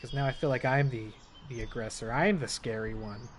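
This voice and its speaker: A man giving relaxed, musing gameplay commentary as he plays a horror game, with asides to viewers. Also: medium pitch, a little fast, a little hiss or hum. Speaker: gamer playing a horror game. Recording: loud game music behind.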